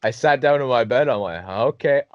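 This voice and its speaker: A man's voice: mid-range voice, a little fast, clean tone, no echo. Young man telling a story, dull lo-fi sound. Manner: animated, laughing, swearing often, acting out friends' lines. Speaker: podcast host. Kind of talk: casual storytelling. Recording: dull dry lo-fi recording.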